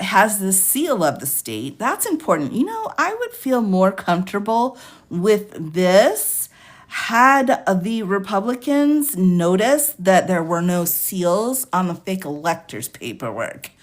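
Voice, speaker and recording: Sassy woman livestreamer, laughs often. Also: mid-range voice. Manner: sassy, laughs often, reads bill text aloud. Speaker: livestream host discussing legislation. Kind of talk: casual livestream commentary.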